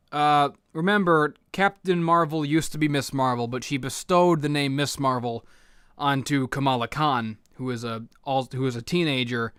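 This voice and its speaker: Profane ranting young man, bright and crisp. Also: mid-range voice, no echo, clean studio sound. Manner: profane, sarcastic, erupts into shouting rants. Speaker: comic recap youtuber. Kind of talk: ranting comic book recap.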